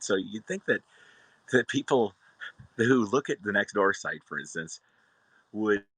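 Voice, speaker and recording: A man's voice: on the low side, sharp tone, dry recording, rough recording. A man casually telling a rambling, exasperated story about his cat, now and then calling to his pets. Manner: chatty, exasperated, talks to his cats in between. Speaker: cat owner vlogger.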